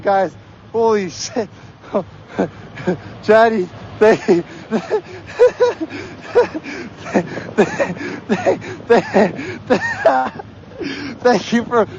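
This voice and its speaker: A hoarse young man livestreaming outdoors on a snowy street, excitedly yelling shout-outs to viewers. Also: sits high, measured pace, highs cut off, slight background noise. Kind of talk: live stream reading out viewer donations.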